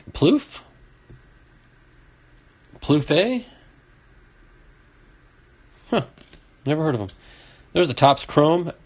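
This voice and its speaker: A man hosting a casual card-opening video, reading off names and chatting to a viewer. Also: a little high. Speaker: card collecting video host. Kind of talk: casual box-opening commentary.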